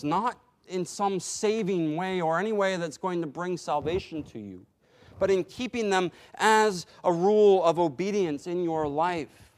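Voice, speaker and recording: A man preaching a sermon in a slow, deliberate way, pausing for emphasis. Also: high voice. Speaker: pastor.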